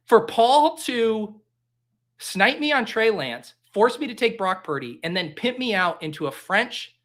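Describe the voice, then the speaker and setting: Man, live stream host, casual joking chatter, bright forceful voice. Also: high-pitched. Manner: animated, joking, quick exclamations. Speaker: livestream host.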